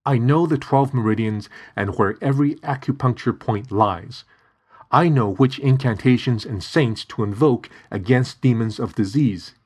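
A man's voice: medium pitch, moderate pace, darkish tone, husky, pitched above the performer's own voice, lightly acted. A man voicing an earnest, determined young male student who speaks in an eager, pleading way.

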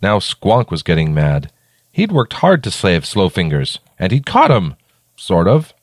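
A man narrating a children's story in a playful, expressive way. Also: low voice, measured pace, no echo, clean studio sound.

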